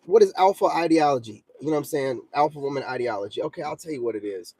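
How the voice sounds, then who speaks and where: A man's voice: a little high, animated, fast, darkish tone, husky, dry recording. A man, ranting bluntly and confrontationally in casual talk, peppered with repeated filler asides. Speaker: commentator vlogger. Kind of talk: casual rant to camera.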